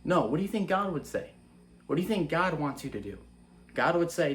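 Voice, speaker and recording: A man's voice: on the high side, expressive, brisk, slight background noise. A young man giving an earnest, casual faith-based monologue that is full of rhetorical questions. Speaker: Christian vlogger.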